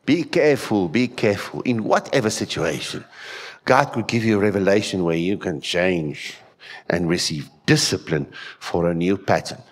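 A South African pastor, Afrikaans by birth, preaches a sermon from the pulpit in a church hall. His somewhat low voice moves at a moderate pace, and he's emphatic and animated, firing rhetorical questions at the congregation.

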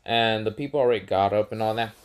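A man with a fairly low voice tells a made-up adventure in a loose, casual way. He rambles, fills gaps with "like" and "um", and stops often to correct himself. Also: fast, smooth. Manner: rambling, filler-heavy, self-correcting. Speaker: storyteller. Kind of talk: casual fan-fiction storytelling.

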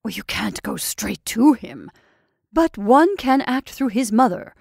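A woman's voice: fairly high pitch, very animated, a little slow, creaky, a little mellow, dry recording, studio quality, heavily acted. A woman voicing a sly, wheedling male inn waiter who talks in a drawling, conspiratorial way and often drops to a whisper.

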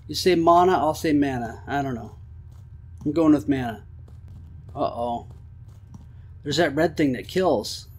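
A man giving excitable let's-play commentary on a horror game, swearing and talking to the game. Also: fairly high pitch, a little slow, long pauses, slightly rough. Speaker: gamer.

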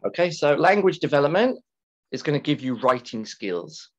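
In a recorded classroom grammar lecture, a man teaches English grammar to students, speaking slowly and deliberately in a high-leaning, sing-song voice. He repeats key words and stretches them out for emphasis. The recording is dull and lo-fi, with keyboard typing audible.

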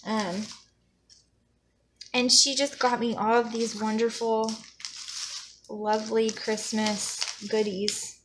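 A young adult woman chats to her vlog audience in a gushing, effusive way, stumbling over her words as she restarts. Her voice carries a gravelly fry. A clear hiss of noise sits under the home recording. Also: a little high. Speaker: vlogger. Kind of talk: casual chat.

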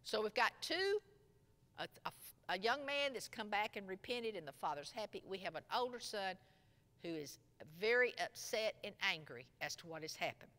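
Woman, Sunday school teacher, lively swooping pitch, long echoing room. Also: moderate pace. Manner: expressive storytelling, retelling a parable. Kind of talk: Bible lesson. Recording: long echo from a large room.

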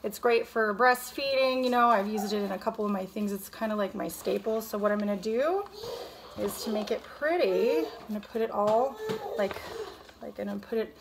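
A woman's voice: mid-range voice, normal speed. A woman chatting casually as she cooks at home, cooing to her baby in between. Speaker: cooking vlogger and mother. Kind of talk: casual cooking vlog chat. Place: home kitchen. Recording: noisy home recording. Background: baby crying.

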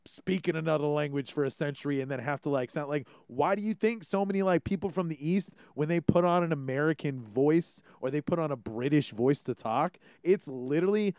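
A man's voice: a little high, fairly quick, few pauses, darkish tone, no room sound, studio quality. A young man with a Hawaiian accent hosting a casual podcast, rambling and ranting with plenty of swearing. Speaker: podcast host. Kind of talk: casual monologue.

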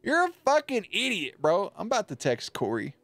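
A man's voice: high voice, huge pitch swings, moderate pace, fairly bright tone, dry recording, soft background music. A young man streaming and commentating marble races in a hyped, playful way, swearing freely and calling the action like a sportscaster. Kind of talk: casual livestream commentary.

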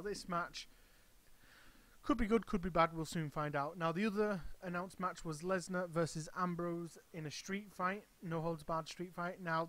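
A man with a fairly high voice talking straight to camera in a loose, rambling vlog style. He stumbles and restarts often, thinking aloud as he goes. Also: a bit bright. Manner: rambling, hesitant, frequent restarts. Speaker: wrestling channel host. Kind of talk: casual vlog commentary.

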